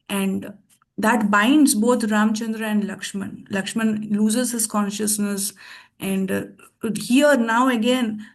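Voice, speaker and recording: A woman teaching a scripture class, telling a story in a thoughtful, pausing way with restarts. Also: medium pitch. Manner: thoughtful, with frequent pauses and restarts.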